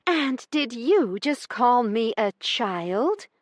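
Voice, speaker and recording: A woman voicing an indignant, quick-tempered young noblewoman with sharp retorts in an audiobook. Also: fairly high pitch, expressive, dry recording, clean studio sound, voice pushed up. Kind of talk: audiobook character reading.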